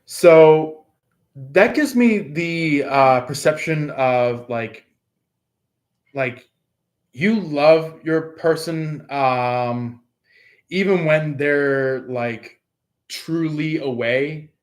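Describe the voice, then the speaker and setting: A man's voice: on the high side, very slow. A man giving a casual astrology reading to his viewers, rambling and hesitant, with many fillers and restarts. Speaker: tarot reader.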